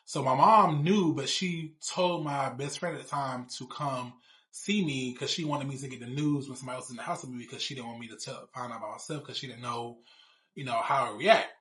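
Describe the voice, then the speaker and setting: A man's voice: mid-range voice, a little fast, a bit bright. A man in his thirties telling a personal story in a casual, blunt, rambling way with plenty of swearing. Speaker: show cast member.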